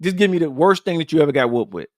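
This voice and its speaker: A man hosting a casual podcast livestream, talking bluntly and with plenty of profanity. His voice sits a bit high for a man, and he keeps circling back to his points and calling out to the viewers. The sound is dry and close, with no room echo. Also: animated, racing, a little mellow. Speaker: podcast host.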